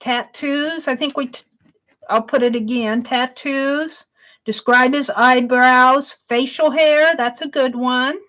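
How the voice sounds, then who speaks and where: A woman hosts her own art stream, reading each viewer question aloud as she writes it down. She talks slowly and calmly and keeps praising the questions. Her voice sits high and sounds bright. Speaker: art livestream host.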